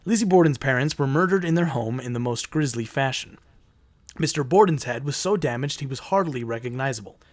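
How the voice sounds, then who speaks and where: Lively, profane male podcast host. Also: medium pitch, a little fast, no room sound. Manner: casual, profane, jokey. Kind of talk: reading from notes in casual chat.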